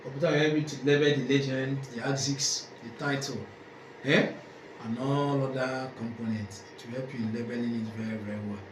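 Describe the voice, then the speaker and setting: A man's voice: medium pitch, fairly even intonation, a little fast. A male lecturer teaching a class, who asks questions, answers them himself and repeats key points. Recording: echoey room, faint background noise.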